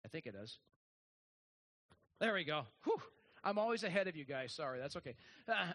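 A man's voice: on the high side, big pitch swings, brisk, long pauses, fairly bright tone. A man preaching a sermon, folksy and joking, with many restarts and fillers. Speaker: pastor.

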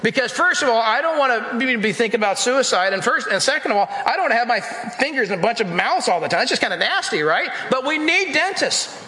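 A man's voice: very high-pitched, very animated, fast talker, few pauses, pushed and bright. A male pastor delivering an emphatic sermon in a church, repeating phrases and speaking straight to the congregation. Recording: echoey hall with long reverb.

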